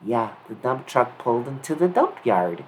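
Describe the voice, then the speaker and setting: A woman telling a children's story in an animated way, often asking the listener what happened next. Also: very deep voice, moderate pace, slight background noise, poor audio. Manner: animated, asks the listener questions.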